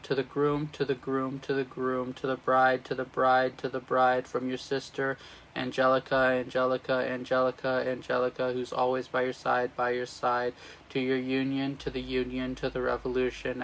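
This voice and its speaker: A man's voice: medium pitch, monotone, normal speed, gravelly, fairly bright tone, a little hiss or hum, poor audio. A man reading the part of a witty, regretful older sister, speaking sung lyrics with slips. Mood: toasting. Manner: reads sung lyrics as speech, with slips and restarts.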